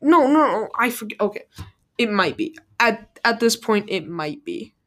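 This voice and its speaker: A woman's voice: on the high side, very animated, normal speed, a bit bright. A woman playing a casual guessing game as the contestant, joking and laughing as she talks. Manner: playful, jokey, laughs often.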